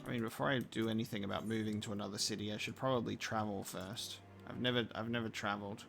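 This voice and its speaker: Gravelly man with a mixed Australian-British accent. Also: on the low side, fast talker. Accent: blend of Australian and British. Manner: relaxed, chatty, reacting to the game and to chat. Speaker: game streamer. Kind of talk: casual live-stream chat. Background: faint game music.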